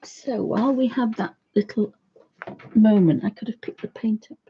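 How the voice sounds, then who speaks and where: A woman in her fifties, hosting an art livestream from her home studio, chatting in a rambling, friendly way with a croaky voice. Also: fairly high pitch, moderate pace, dark tone, dull audio. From United Kingdom. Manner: chatty, rambling, talks fondly to her dog. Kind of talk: casual chat to viewers and pets.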